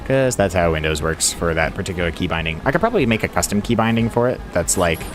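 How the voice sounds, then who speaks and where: Laughing a lot as he plays, a man gives casual live-stream commentary on a building game, talking both to his audience and to himself. His low voice swings widely in pitch at a quick pace, with faint music in the background.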